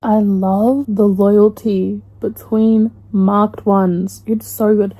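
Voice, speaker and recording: A young woman in a casual reading vlog, chatty and expressive, talking straight to her viewers. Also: medium pitch, slow, soft background music, low-quality recording. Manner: chatty, expressive, swings into loud distressed reactions. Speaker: book vlogger.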